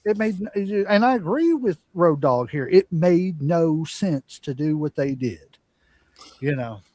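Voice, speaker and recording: A man's voice: on the high side, animated, slow, a little mellow, no echo. A man hosting a podcast, talking in a rambling, opinionated way about wrestling. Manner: rambling, opinionated, many fillers. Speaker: podcast host. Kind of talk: casual wrestling commentary.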